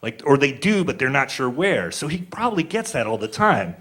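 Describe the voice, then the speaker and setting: A man's voice: mid-range voice, very animated, fairly quick, a bit bright. A man in his forties doing a stand-up comedy set, telling crude stories in a rambling, laid-back way with lots of filler words. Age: 40s.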